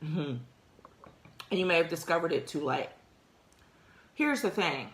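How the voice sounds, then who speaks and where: A woman's voice: sits low, animated, a little slow, echoey room. A woman hosting a career talk show, talking casually and directly to her listeners, with frequent laughs. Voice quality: conversational, addresses listeners directly, laughs often. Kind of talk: casual motivational talk to an audience.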